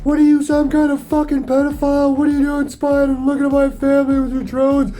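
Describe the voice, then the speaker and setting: A woman's voice: high voice, monotone, fairly quick, warm tone, soft background music, pitched above the performer's own voice, close to an everyday voice. A man putting on the voice of a furious middle-aged woman who hurls profane accusations. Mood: furious accusing.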